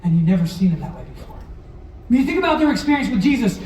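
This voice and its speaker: A man's voice: high-pitched, big pitch swings, quick pace, darkish tone, slight background noise. A man preaching a sermon as pastor, talking in a conversational way and acting out quotes now and then. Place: church hall. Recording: roomy echo, heard from a distance.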